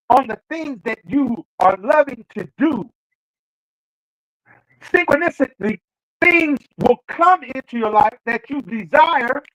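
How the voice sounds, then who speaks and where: High-voiced man preaching motivation. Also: fairly bright tone, no echo, poor audio. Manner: preacherly, repeats phrases for emphasis. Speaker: show host. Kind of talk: motivational talk.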